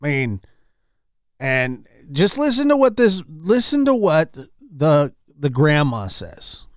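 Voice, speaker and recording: A man's voice: on the high side, huge pitch swings, slow, dry recording, clean studio sound. A man hosting an online commentary show, reacting to news clips in an exasperated, repetitive way. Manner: exasperated, repetitive, swings loud and soft. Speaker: commentary channel host.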